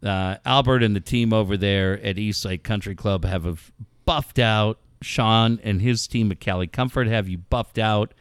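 A man hosting a casual podcast chat, telling stories with lots of swearing and loud acted-out quotes. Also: fairly low pitch, moderate pace, clean tone, no room sound. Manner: animated storyteller, swears a lot, acts out quotes loudly. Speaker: podcast host organizing a charity event.

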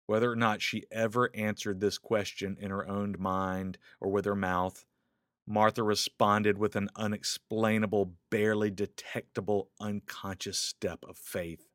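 Male preacher, sermon, dry close sound, urgent questions, hushed slow passages. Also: fairly low pitch, dry recording. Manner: dramatic swings between raised urgent questions and soft hushed lines.

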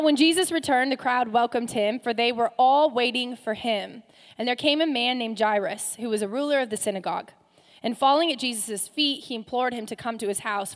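A woman pastor preaching a sermon, animated, repeating phrases and tossing in joking asides. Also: fairly high pitch, in a large hall. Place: church sanctuary.

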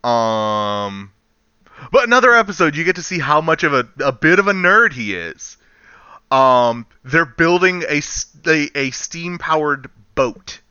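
A man chatting casually on a podcast, rambling and animated, laughing often. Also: fairly high pitch, a little slow, smooth, no room sound, lo-fi sound. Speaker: podcast co-host. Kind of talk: casual chat.

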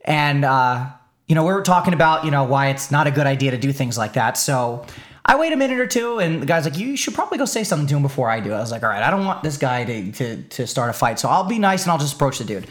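A young man telling a story in a casual chat, animated, repeating words and getting fired up. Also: mid-range voice, fast. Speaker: streamer, podcast co-host.

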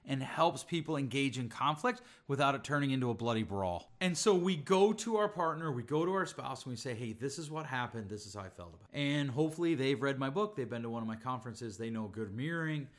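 A man's voice: medium pitch, animated, quick pace, few pauses. A middle-aged man hosting a podcast, teaching on relationships in an emphatic way, building his points through repeated lists and rhetorical questions. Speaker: podcast host, relationship speaker.

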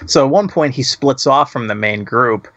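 A man's voice: medium pitch, expressive, moderate pace, a bit bright, no echo. A man co-hosting a casual chat, laughing and swearing as he retells a movie's scenes. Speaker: podcast co-host.

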